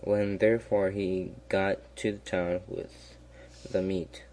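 A man reading a fairy tale aloud in a slow, even way, with small slips and restarts. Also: sits low. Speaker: storyteller.

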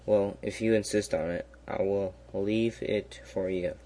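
A man voicing a stubborn, grumbling peasant in a storybook reading, in a low, deliberate voice close to his own. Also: steady tone, dark tone, natural voice. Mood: bargaining. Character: grumbling stubborn male peasant, middle-aged.

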